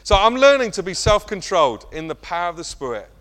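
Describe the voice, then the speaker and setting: Animated man preaching. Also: high voice, quick pace. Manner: animated, self-mocking, acts out kids' voices. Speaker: pastor. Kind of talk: sermon.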